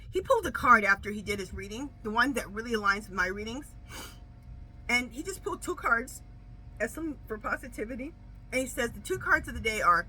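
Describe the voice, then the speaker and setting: Middle-aged woman, casual tarot chat, high-ish bright voice, faint noise behind. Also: rough recording. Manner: animated storytelling, repeats "okay?". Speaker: tarot reader.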